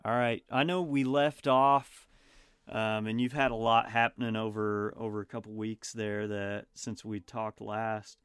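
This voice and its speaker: Man with a smooth, dry voice. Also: on the low side, little pitch movement, a little slow, a bit bright, dry recording. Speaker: podcast host. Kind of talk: casual podcast chat.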